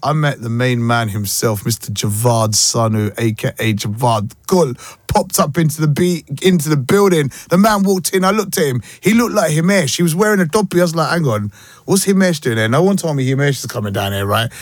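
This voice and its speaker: A man hosting a radio show, chatting casually and telling stories with animated voices. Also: a little high, brisk, dry recording, clean studio sound. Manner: animated, playful storytelling with voices. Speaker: radio host.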